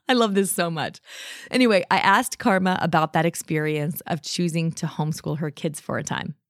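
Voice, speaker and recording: A woman's voice: lowish voice, normal speed, dry recording, clean studio sound. A woman hosting a podcast about books, introducing clips with chatty asides. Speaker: podcast host. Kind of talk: podcast narration and commentary.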